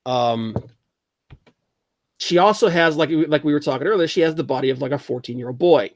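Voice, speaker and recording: A man hosting a casual livestream talk show, animated and opinionated, reading chat comments aloud. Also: a little high, brisk, no room sound. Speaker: podcast host.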